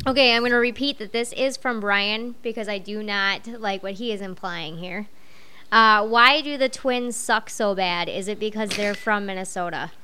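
A woman's voice: medium pitch, normal speed, sharp tone, slight background noise. A woman on a podcast reading out listener questions in a dry, matter-of-fact way.

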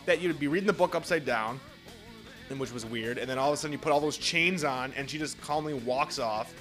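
A young man co-hosting a casual chat about a TV show, excitable and profane, often jumping into quoted voices. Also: medium pitch, fast talker, soft background music. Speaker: podcast co-host.

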